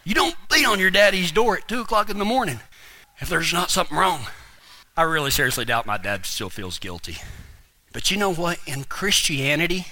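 Preacher guy, high bright voice, bouncing all over, folksy and funny. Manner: animated, comic, folksy. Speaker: pastor. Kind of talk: humorous storytelling sermon.

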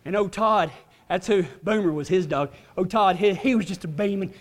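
In a church hall with long reverb, a man whose voice sits high, speaking at normal speed, preaches a folksy, humorous sermon. He tells a story with drawling asides and laughs along.

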